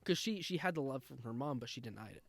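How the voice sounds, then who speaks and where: A man's voice: mid-range voice, lively intonation, quick pace, vocal fry, a crowd in the background. A man trading casual banter on a podcast. He is blunt and teasing and swears freely. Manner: blunt, joking banter with profanity. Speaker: podcast co-host. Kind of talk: casual chat.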